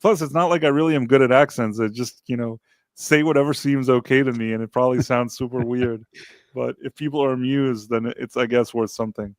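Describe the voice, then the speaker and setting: A man hosting a casual podcast livestream, relaxed as he reads out and thanks viewers from the chat. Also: medium pitch, a little fast, dry recording, clean studio sound. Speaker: podcast host.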